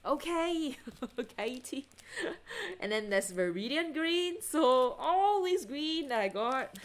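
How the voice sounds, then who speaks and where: Woman livestream host, casual chatter, easily excited, laughs often, talks to her audience. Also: sits high, takes it slowly. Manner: chatty and excitable, lots of self-interruptions and giggles; asks viewers to check things, answers chat.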